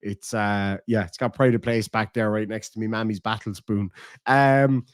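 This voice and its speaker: A man's voice: lowish voice, fairly even intonation, normal speed, clean tone, no room sound. Dry-voiced Irish man chatting on stream. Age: 30s. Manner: rambling and heartfelt, swears freely. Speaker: live streamer reading viewer messages. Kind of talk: casual live-stream chat. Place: room at home.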